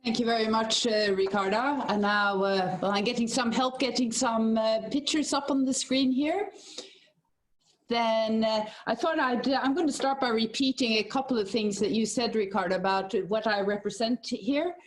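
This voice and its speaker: A woman's voice: a little high, normal speed. Woman giving a webinar talk. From Norway. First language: Norwegian. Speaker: guest speaker. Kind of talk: giving a presentation.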